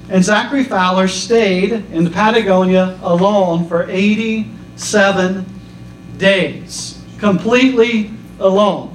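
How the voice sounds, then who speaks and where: A male pastor preaching in a relaxed, chatty way, weaving jokes and stories into his sermon. His voice sits fairly high and carries through a reverberant church hall. The mic picks him up from a distance, with faint room noise behind him. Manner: casual storytelling with a joke. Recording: roomy echo from a distance.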